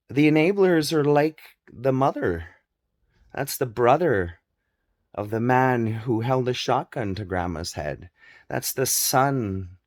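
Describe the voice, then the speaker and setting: A man's voice: medium pitch, no room sound, studio quality. A man talking straight to his audience in a personal vlog, emphatic and repetitive, swearing openly. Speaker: vlogger. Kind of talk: personal monologue on family abuse.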